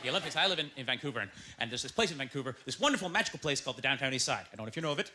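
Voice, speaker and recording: Fast, animated Canadian stand-up man. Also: medium pitch. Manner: fast, animated, abrupt jumps into shouting. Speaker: stand-up comedian. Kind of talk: stand-up comedy set. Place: comedy club stage with audience. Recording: stage mic with loud audience laughter.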